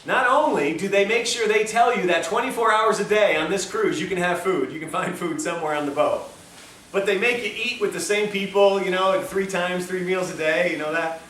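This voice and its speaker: Male lecturer, high and bright, jokey storyteller; echoey room, distant mic, faint ambience. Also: normal speed, slight background noise. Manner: chatty, joking, self-mocking asides. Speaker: lecturer at a health institute. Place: lecture room at a health institute.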